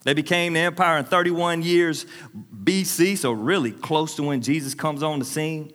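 Forty-something preacher guy, kinda high voice, lively funny storytelling, big echoey church hall. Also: moderate pace. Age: 40s. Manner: animated, storytelling with humor and laughs. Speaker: pastor. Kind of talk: sermon.

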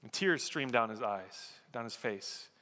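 A man's voice: medium pitch, expressive, a little slow, pushed and bright. A man preaching a sermon as pastor, telling stories and building to emphatic peaks. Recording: echoey hall.

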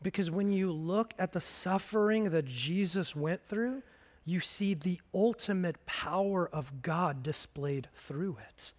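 A man preaching a sermon as pastor, slow and emphatic, dropping to a hush at times. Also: sits high, in a large hall.

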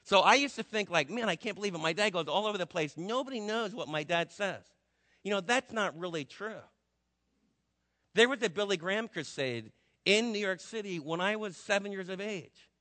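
A man's voice: high voice, expressive, moderate pace, sharp tone. A man from New Jersey preaching a sermon as pastor, talking to the congregation in a loose, conversational way with rhetorical questions. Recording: long hall reverb.

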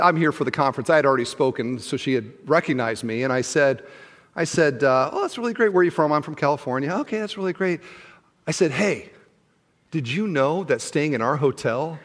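A man preaching a sermon as pastor, telling a story with lively acted-out exchanges before an earnest appeal to fathers. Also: on the high side, normal speed, in a large hall. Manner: animated storyteller who acts out the people in the story. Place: large church auditorium.

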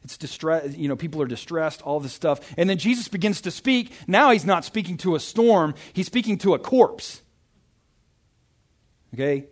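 A man's voice: fairly high pitch, animated, normal speed. Chatty young man preaching casually. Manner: chatty, self-interrupting, often asks "right?". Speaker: pastor. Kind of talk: casual sermon with Bible reading.

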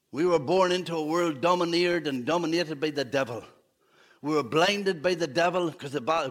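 A man's voice: fairly high pitch, fairly bright tone. A man preaching a fervent evening sermon in church, with humorous asides.

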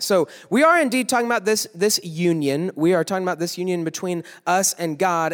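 Young guy preaching to teens, high voice, jokey and teasing, big echoey hall. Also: clean tone. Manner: playful, teasing, quick asides to the crowd. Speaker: youth pastor. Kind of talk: joking youth sermon. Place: large worship hall with a live audience.

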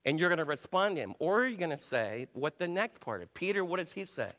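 A man's voice: fairly high pitch, very animated, fairly quick, a bit bright, long reverb tail. A man preaching a sermon to his church in an emphatic, conversational way, acting out quotes. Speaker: pastor.

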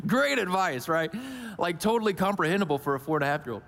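A man in his thirties giving a conversational sermon, telling a personal story with animated quotes. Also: high voice, normal speed, long pauses, in a large hall. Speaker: pastor.

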